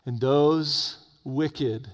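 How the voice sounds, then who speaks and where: A man preaching an evening sermon, swinging between loud urgent peaks and low hushed warnings. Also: extremely slow. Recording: long reverb of a hall.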